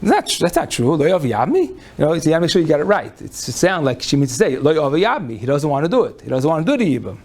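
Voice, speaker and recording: A man's voice: a little high, very animated, very fast, hardly any pauses, darkish tone. A man lecturing on Jewish law to a live audience, folksy and conversational, often restarting his phrases. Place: lecture room before an audience.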